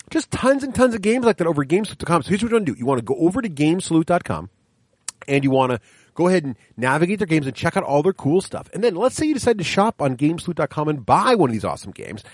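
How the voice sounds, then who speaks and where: A man co-hosting a casual board game podcast, energetic and playful, laughing often. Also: fairly high pitch, fast, no echo, clean studio sound. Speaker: podcast co-host.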